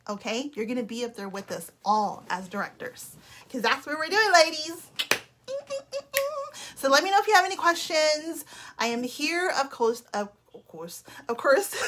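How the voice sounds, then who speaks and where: A woman in her thirties giving an energetic team training talk as a sales leader, emphatic and often checking in with "okay?". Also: sits high, normal speed, a little hiss or hum.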